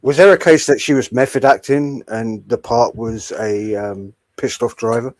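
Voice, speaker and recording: A man's voice: mid-range voice, moderate pace, darkish tone, dry recording. A man co-hosting a casual podcast, teasing his co-host with dry interjections. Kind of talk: casual chat.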